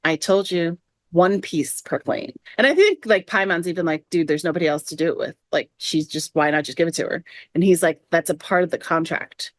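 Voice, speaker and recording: A woman's voice: fairly low pitch, a little fast, no room sound, studio quality. A woman co-hosting a casual podcast, retelling game quests and quoting the characters' lines. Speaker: podcast co-host.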